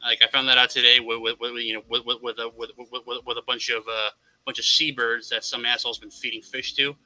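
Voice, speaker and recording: A man in Florida speaks at a quick pace in a mid-range, level voice that is bright and forceful, with poor audio. His long story in a casual podcast chat rambles, full of wry profanity and repeated sentence restarts.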